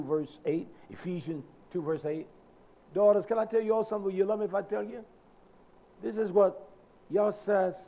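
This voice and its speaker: A man preaching a sermon, emphatic and addressing his listeners directly, swinging between soft and loud delivery. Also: high-pitched.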